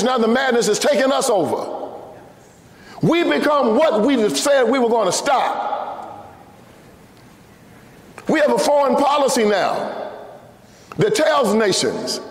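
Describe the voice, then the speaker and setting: A man with a Southern US accent delivers a fiery, sermon-style address from a church pulpit. His voice sits high and cuts through, hammering points home through repetition and climbing to shouts. The big sanctuary rings around him, with a long, roomy echo. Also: lively intonation, unhurried, long pauses. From Tennessee, US. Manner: preaching cadence, repetitive, rising to shouts. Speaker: guest speaker. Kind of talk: impassioned sermon-style speech. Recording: echoey church hall.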